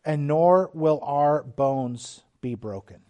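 A middle-aged man preaching a sermon, slow and emphatic, dropping suddenly to quiet, hushed lines. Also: on the high side, dull audio. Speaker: pastor.

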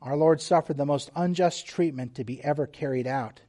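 Man, pastor, sermon, earnest, measured, restarts, slightly higher voice. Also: mellow.

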